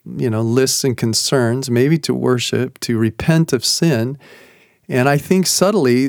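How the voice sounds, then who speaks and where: A middle-aged man sharing an earnest devotional testimony, slowing down to quote scripture. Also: medium pitch, vocal fry, a little mellow, no room sound, studio quality. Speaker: ministry leader sharing testimony. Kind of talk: personal testimony, devotional talk.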